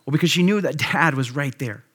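A man in his thirties, a pastor, preaching a sermon and telling a personal story in a relaxed, conversational way with frequent fillers. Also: fairly high pitch, brisk, husky.

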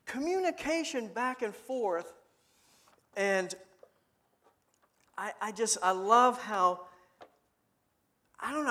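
A man preaching a sermon in a conversational way, often asking his listeners questions and repeating words as he thinks aloud. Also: extremely high pitch.

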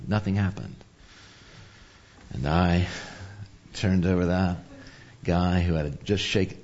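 A man's voice: very deep voice, a little mellow, lo-fi sound. A man preaching a sermon on anger, telling a personal story in a conversational, self-deprecating way.

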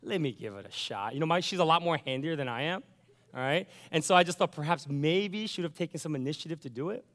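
A man's voice: a little high, fast talker, a bit bright, in a large hall. A pastor telling a personal story in a sermon, acting out his own thoughts and the lines of others as he goes.

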